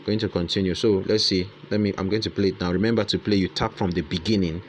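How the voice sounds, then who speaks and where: A man's voice: low-pitched, steady tone, fast talker, a little hiss or hum. A man hosting a casual screen-recorded tutorial, thinking aloud and repeating his phrases as he dictates lines and punctuation. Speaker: tutorial host.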